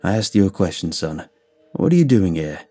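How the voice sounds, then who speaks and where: Gruff old backwoods hermit, voiced by a man, low and husky, a deadpan drawl in a spoken story. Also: normal speed, soft background music. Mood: menacing.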